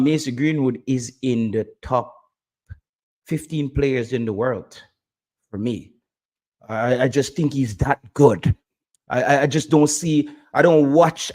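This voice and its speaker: A man talking football in a casual chat, animated and quick to repeat himself when he starts a point. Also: medium pitch. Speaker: podcast co-host.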